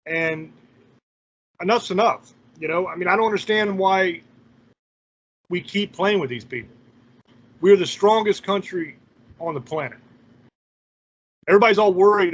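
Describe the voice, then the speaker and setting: A man's voice: high voice, animated, moderate pace, long pauses, husky. A man hosting his own channel, delivering a heated opinion rant in a blunt, profane and scornful way. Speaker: channel host. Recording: dull lo-fi recording.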